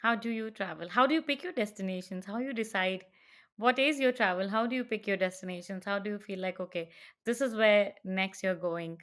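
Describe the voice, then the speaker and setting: A woman's voice: medium pitch, a little fast, a bit bright. A woman hosting a podcast, asking a string of rephrased follow-up questions. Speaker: podcast host.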